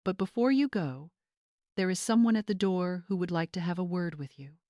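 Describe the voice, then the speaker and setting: A woman voicing a retired homeowner in her seventies who speaks with calm, clipped authority. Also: fairly low pitch, normal speed, no room sound, studio quality, close to an everyday voice. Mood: cool. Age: 70s.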